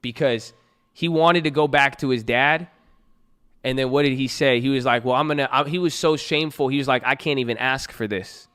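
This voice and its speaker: A man's voice: mid-range voice, fairly quick, clear, resonant tone. A man hosting a trading group, reading a parable aloud and then riffing on it in a loose, slangy motivational talk. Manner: reads a parable then riffs on it with slang and loud jokes.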